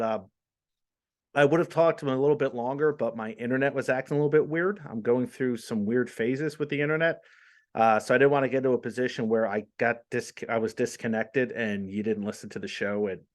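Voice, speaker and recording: A man's voice: medium pitch, brisk. Rambling middle-aged podcast host man. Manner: rambling, self-deprecating, laughs at himself. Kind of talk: casual podcast chat.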